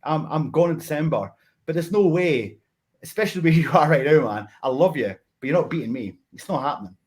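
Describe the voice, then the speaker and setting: Teasing veteran wrestler on a call. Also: male voice, a little high, expressive, brisk, a little mellow. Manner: friendly, teasing, confident. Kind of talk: interview chat.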